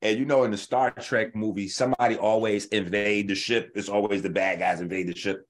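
A man hosting a health show, lecturing bluntly and profanely in a casual rant, slowing down to explain points step by step. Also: fairly low pitch, fairly even intonation. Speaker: host of a natural health show. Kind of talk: ranting casual commentary.

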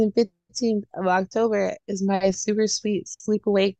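A woman chatting casually on a video call, giggly and animated, swearing freely. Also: mid-range voice, measured pace, no room sound. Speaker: guest musician. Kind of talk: casual podcast chat.

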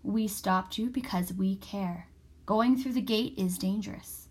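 A woman voicing a kind old female witch who talks quietly and gently in an audiobook. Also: medium pitch, a little slow, breathy edge. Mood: soothing. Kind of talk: audiobook character voice.

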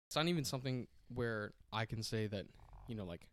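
A man's voice: fairly low pitch, animated, fairly quick. A young man co-hosting a podcast in casual chat, rambling and hedging as he picks on himself. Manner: rambling, hedging, self-critical. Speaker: podcast co-host.

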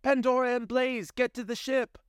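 A man's voice: very high-pitched, flat delivery, normal speed, smooth, dry recording, studio quality, voice pushed up. A man voicing a tough, brash woman captain who barks orders. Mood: commanding. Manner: barking orders.

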